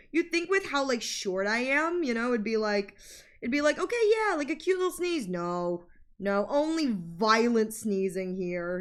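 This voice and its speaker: A woman streamer chatting casually while she draws, rambling through stories and acting out other people's lines. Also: medium pitch. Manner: chatty and rambling, with frequent fillers and laughter; animated storyteller who acts out other people's lines.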